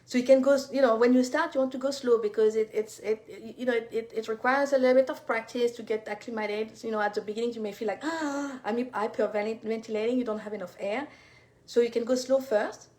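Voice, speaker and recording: A woman's voice: a little high, steady tone, fast. Woman coaching viewers live. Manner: warm encouraging, speaks to viewers directly, many fillers. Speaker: fertility coach. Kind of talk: live-stream teaching.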